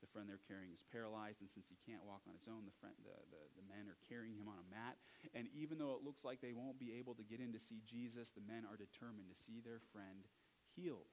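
A man's voice: on the low side, steady tone, fast talker, darkish tone, slight background noise, low-quality recording. A man preaching a sermon as pastor, conversational and unscripted, stumbling and correcting himself now and then. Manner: conversational, with restarts and self-corrections.

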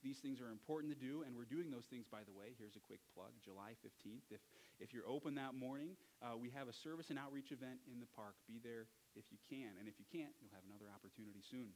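A man's voice: medium pitch, fast, few pauses, a little mellow, slight background noise, poor audio. A man preaching a sermon as pastor, conversational and unscripted, stumbling and correcting himself now and then. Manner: conversational, with restarts and self-corrections.

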